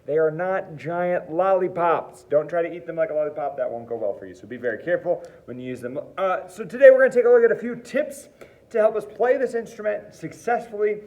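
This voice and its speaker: A man's voice: fairly high pitch, fairly quick, a little mellow. A man teaching a percussion lesson to children in a friendly, playful way, counting them through exercises. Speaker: music teacher. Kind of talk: friendly instructional lesson for kids.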